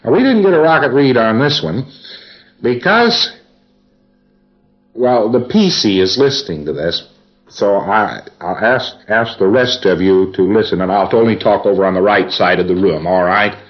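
A man's voice: on the low side, expressive, normal speed, soft background music. Folksy man lecturing on a dull old tape. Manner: wandering, folksy, with asides and chuckles. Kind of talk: recorded lecture reviewing sessions.

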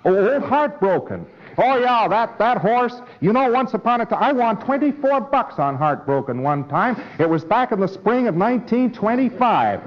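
A man voicing a withdrawn fellow who suddenly gets excited about horse racing, in an old, dull-sounding recording. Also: normal speed. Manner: excited, high-pitched bursts.

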